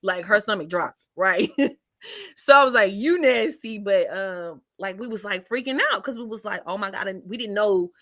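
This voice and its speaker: A woman comedian telling stories in a casual interview, slangy and animated, acting out quotes with a lifted voice. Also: mid-range voice, normal speed, dry recording. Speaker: comedian guest.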